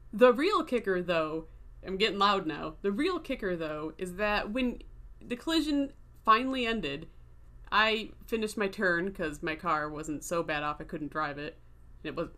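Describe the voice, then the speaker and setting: A woman's voice: on the low side, sharp tone. A woman in her thirties telling a rambling, self-deprecating story as a casual vlog voice-over. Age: 30s. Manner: chatty, self-deprecating, laughs while talking. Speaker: video creator.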